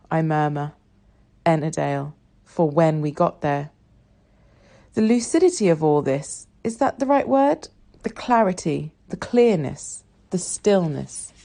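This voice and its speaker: A woman reading a novel aloud in the first person, soft and reflective. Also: lowish voice. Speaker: audiobook reader.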